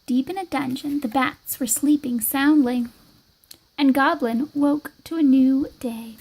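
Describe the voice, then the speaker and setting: A woman reading a children's picture book aloud with expressive, lively storytelling. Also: high-pitched, measured pace, poor audio. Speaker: storybook reader.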